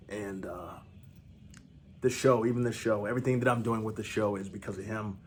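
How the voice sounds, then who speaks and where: Deep-voiced man hosting a podcast. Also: steady tone, slight background noise. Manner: halting, emotional, with restarts. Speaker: podcast host. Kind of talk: heartfelt spoken tribute.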